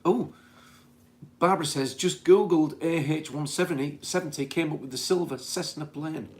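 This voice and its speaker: A man's voice: fairly high pitch, normal speed. A man from Britain in casual chat, reading back notes from a session in a conversational way. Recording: faint background noise.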